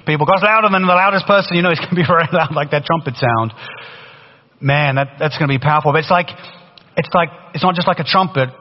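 Loud, animated preacher in a reverberant hall. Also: male voice, a little high, fast talker. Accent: faded British. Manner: animated, conversational preaching with frequent restarts. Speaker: pastor. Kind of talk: sermon. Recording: dull sound in a long-reverb hall.

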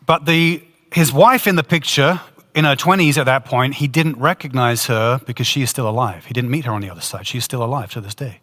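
Bright-voiced pastor in a reverberant hall. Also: male voice, medium pitch, a little fast. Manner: storytelling, lively and earnest. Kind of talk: sermon. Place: church hall.

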